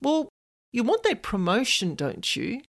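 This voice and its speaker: A woman voicing a sly, grinning male spirit entity who teases in a lowered, hushed voice. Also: wildly swooping pitch, a little slow, gravelly, no room sound, clean studio sound, full character voice. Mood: sly teasing.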